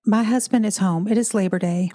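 A woman's voice: medium pitch, brisk, dark tone. A middle-aged woman co-hosting a podcast in casual, chatty conversation, telling stories with an exasperated edge. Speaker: podcast co-host. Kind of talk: casual chat.

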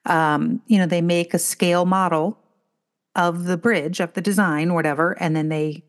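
A woman's voice: on the low side, moderate pace. A middle-aged woman in casual chat, telling a rambling story with lots of restarts and acted-out quotes. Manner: animated storytelling, acting out quotes with many restarts.

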